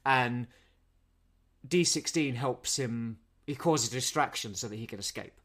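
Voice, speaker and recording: A man co-hosting a casual film-review podcast, walking through the plot at length. He repeats words and restarts often as he goes, at a mid-range pitch. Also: measured pace, a bit bright. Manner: rambling recap, many repeated words. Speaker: podcast co-host.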